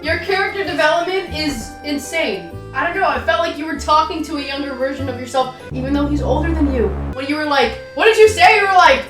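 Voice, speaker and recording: A young woman in her twenties, a streamer chatting excitedly and teasingly with a chatbot, sometimes breaking into shouts. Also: high voice, brisk, hardly any pauses. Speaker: streamer role-playing with a chatbot. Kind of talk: casual role-play chat. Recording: echoey room, away from the mic. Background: background music.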